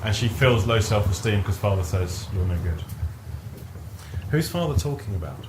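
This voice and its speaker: A man's voice: on the low side, lively intonation, fairly quick. Guy giving a workshop talk, chatty, restarts a lot, noisy recording. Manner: conversational, repeats words when restarting. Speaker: workshop trainer. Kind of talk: live teaching talk with anecdotes. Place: training room with a live group.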